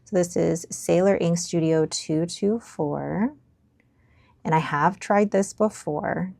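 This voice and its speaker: A woman's voice: lowish voice, takes it slowly, vocal fry, a little mellow, no echo. A young woman chatting casually as she reviews and swats fountain pen inks, musing aloud and sometimes dropping to a near whisper. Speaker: stationery vlogger. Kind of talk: casual ink swatch review.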